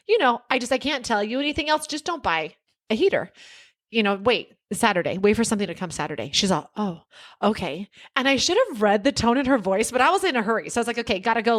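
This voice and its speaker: A woman co-hosting a podcast, telling stories in a casual, animated way with quick bursts of laughter. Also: mid-range voice. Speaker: podcast co-host. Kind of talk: casual chat.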